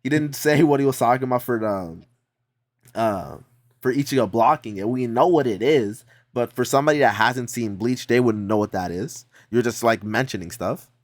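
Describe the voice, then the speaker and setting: Streamer dude roasting a vid, swears a lot, laughs at it, dry mic. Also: male voice, mid-range voice, moderate pace, no echo. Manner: blunt, profane, laughing mockery. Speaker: stream host reacting to a video. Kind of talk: casual reaction chat.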